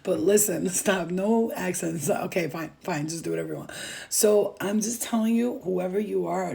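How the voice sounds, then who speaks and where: Gravelly, warm-voiced woman giving a pep talk. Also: medium pitch, normal speed. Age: adult with a child. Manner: emphatic and profane, repeats phrases for effect; speaks straight to the viewer, reassuring. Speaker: spiritual reader channeling messages. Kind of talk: casual motivational channeled message.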